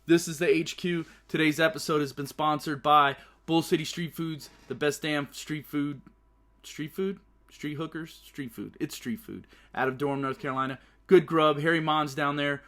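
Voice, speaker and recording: A man's voice: medium pitch, fairly bright tone. A man hosting his own casual talk show, brash and profane, often laughing through his stories. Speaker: podcast host. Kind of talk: casual solo show commentary.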